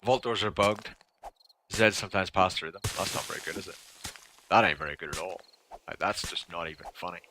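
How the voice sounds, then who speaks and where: A man casually chatting and joking while livestreaming a survival game, rambling between low mutters and loud exclamations. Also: fairly quick, noisy background. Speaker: gaming livestreamer. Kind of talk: casual let's-play commentary.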